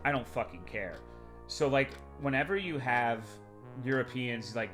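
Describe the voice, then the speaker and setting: A man's voice: medium pitch, unhurried, a bit bright, soft background music. A young adult man streaming live, chatting casually with his chat in a crude, rambling, sarcastic way.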